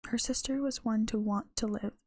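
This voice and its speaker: A woman's voice: on the high side, fairly even intonation, moderate pace, a little mellow, no echo. A tired woman streamer reading her own story aloud, correcting herself as she goes. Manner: unpolished reading with self-corrections. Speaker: streamer and writer.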